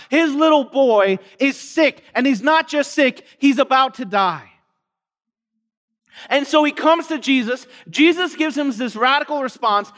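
Male pastor, conversational storyteller with emphatic repetition; high voice, big reverberant sanctuary. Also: a bit bright. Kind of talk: sermon. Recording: long hall reverb.

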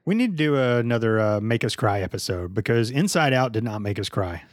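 A man's voice: mid-range voice, lively intonation, fairly quick, no echo, studio quality. A man hosting a casual movie podcast, joking and swearing as he runs the segments. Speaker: podcast host.

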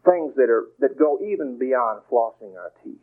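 A man giving a gentle, folksy motivational talk, reassuring and playful as he speaks to the listener. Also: medium pitch, expressive, moderate pace. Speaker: inspirational speaker. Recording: tinny phone-like radio broadcast.

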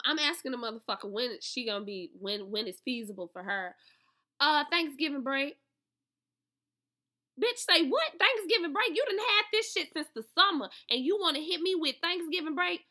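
A young adult woman on a profane, animated storytime rant to her viewers. She swings from loud outbursts to low, calmer talk. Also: moderate pace. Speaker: vlogger, author promoting an ebook.

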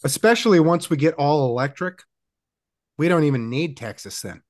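Wry high-voiced man. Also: moderate pace. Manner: wry, deadpan quips. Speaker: podcast co-host. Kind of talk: casual chat.

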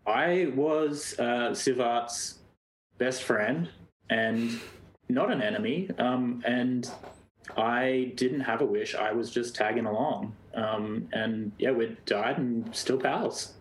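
A man playing a tabletop game over a video call, talking in a dry, halting way. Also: mid-range voice, rough recording. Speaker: player.

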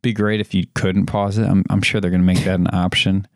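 Low gravelly man hosting a podcast. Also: level tone, brisk, no echo, clean studio sound. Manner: rambling, laughs often, trails off with fillers. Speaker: podcast host. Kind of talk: casual chat.

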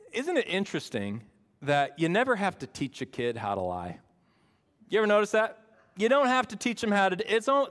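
A man, a campus pastor, preaching a storytelling sermon in a chatty, lively way and often asking the congregation "right?". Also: on the high side. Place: church service before a congregation.

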